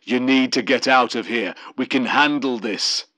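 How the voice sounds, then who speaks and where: A man voicing a tense male stormtrooper defector, speaking low and guarded in an audiobook. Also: normal speed, fairly bright tone, no echo, close to an everyday voice.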